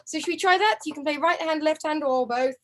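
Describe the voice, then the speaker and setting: High-voiced woman counting beats over harp. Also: fairly quick, music in the background, low-quality recording. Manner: counting beats aloud, humming tunes. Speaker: harp teacher. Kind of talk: online group music lesson. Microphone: video call. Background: harp playing.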